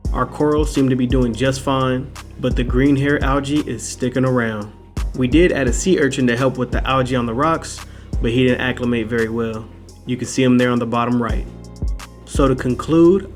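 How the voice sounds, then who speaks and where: A man narrating his own hobby video in an upbeat, playful voice-over, with a slangy sign-off. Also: medium pitch. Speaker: aquarium hobbyist vlogger.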